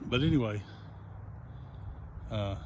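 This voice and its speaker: Climbing a hill outdoors, a hiker films his walk on a handheld phone, rambling in a folksy vlog style about the landmarks below while a bit out of breath. His voice is lowish and animated, his pace slow, and the noisy recording has its highs cut off.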